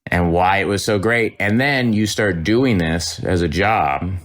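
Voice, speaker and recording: A man, an actor, chatting in an interview, telling lively stories with quick impressions. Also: sits low. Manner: lively storytelling with impressions and laughs. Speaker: actor guest. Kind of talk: anecdotal interview chat.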